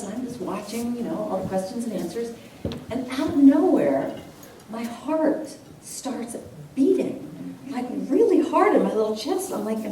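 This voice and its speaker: A woman's voice: a little high, mellow. A woman telling a personal story to a church congregation, acting out voices and laughing often as she speaks. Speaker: guest speaker and singer at a church service. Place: church hall with a live audience. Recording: echoey hall, heard from a distance, audible noise.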